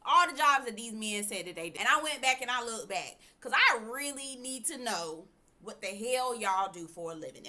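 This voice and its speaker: A woman hosting a casual reality TV review, sassy and animated, often talking straight to her viewers. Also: fairly high pitch. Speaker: TV review host. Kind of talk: casual TV recap commentary.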